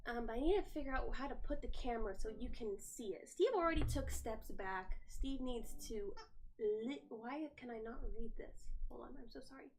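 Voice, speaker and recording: A woman's voice: fairly high pitch, moderate pace, slight background noise. A young woman in casual livestream chat from her phone at home, answering viewer comments while tidying up. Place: home, indoors.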